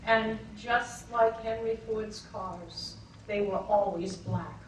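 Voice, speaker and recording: An older woman from Massachusetts telling a personal story, expressive and wry, acting out the scenes, recorded far from the mic in an echoey room. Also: medium pitch, slow pace, slight background noise.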